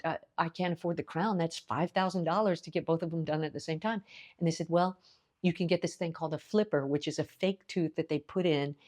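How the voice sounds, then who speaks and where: A woman's voice: low-pitched, a little mellow. A woman in her fifties from the United States telling a story to camera in a chatty way, acting out both sides of her conversations. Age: 50s. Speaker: lifestyle vlogger. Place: India.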